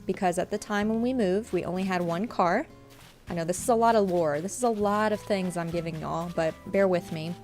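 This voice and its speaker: A young woman, chatting on her live stream. She is tearful, halting and apologetic, with lots of fillers. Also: on the low side, a little mellow, faint music behind. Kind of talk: casual live-stream chat.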